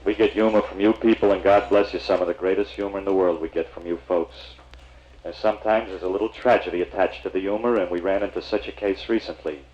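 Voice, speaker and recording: Low-voiced male comic on a hissy old record. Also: fairly even intonation, fast, darkish tone, lo-fi sound. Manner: chatty, confiding storyteller. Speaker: comedian and emcee. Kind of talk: stand-up routine with audience banter.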